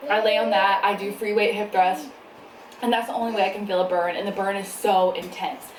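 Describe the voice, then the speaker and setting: A woman's voice: medium pitch, fairly even intonation, a little fast. A young woman chatting casually in a mukbang vlog, laughing often and talking between bites at home. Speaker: vlogger. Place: home, indoors. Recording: echoey room, faint background noise.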